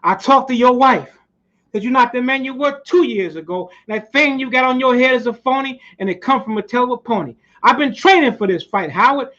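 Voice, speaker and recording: A man puts on a cocky heavyweight boxer who taunts and brags in rhymes, pushed up into a high, ringing register. The sound is dull and lo-fi, with the top end muffled. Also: a little fast, sharp tone. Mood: boastful. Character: boastful defiant male heavyweight boxer. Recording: muffled lo-fi recording.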